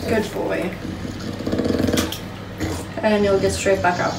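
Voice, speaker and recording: A woman's voice: medium pitch, little pitch movement, slow, very noisy. A woman vlogging at home in a casual chat, talking to her dog in affectionate baby talk. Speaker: vlog host and dog owner.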